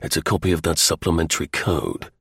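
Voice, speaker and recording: A man's voice: rumbling low, lively intonation, a little fast, vocal fry, fairly bright tone, slightly rough, no echo, studio quality, pitched below the performer's own voice, heavily acted. A man voicing a stern male secret service agent who talks in clipped, threatening lines. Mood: menacing.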